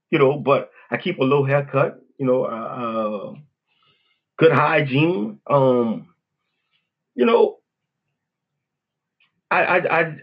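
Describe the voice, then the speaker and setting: A man with a New Orleans accent holds forth alone on his podcast, blunt, profane and rambling, tossing in "you know what I'm saying" again and again. His voice sits a little high and sounds husky. The recording is dull and lo-fi. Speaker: podcast host. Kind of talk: casual monologue.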